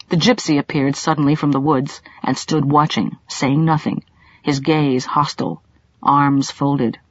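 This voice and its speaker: Animated woman reading an audiobook. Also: deep voice, slightly rough, no room sound, dull audio. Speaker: audiobook narrator. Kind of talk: scripted audiobook narration.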